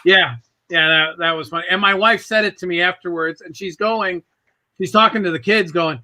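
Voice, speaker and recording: A man's voice: high-pitched, moderate pace, sharp tone. A man hosting a casual talk show, telling a rambling home-repair story and acting out the other people's voices. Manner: rambling anecdotes, acts out quoted voices. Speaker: podcast host.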